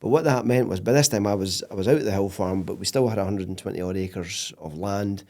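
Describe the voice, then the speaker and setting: Animated Scottish man telling stories. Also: on the low side, fast, creaky. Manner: animated storyteller, laughs often. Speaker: podcast guest. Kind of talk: casual interview chat.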